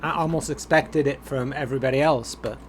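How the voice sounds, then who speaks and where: A man's voice: medium pitch, a little fast, a little hiss or hum, natural voice. Man reading a hurt teenage girl. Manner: read aloud flatly from game text. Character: upset teenage girl confiding in her dad. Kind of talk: reading game dialogue aloud.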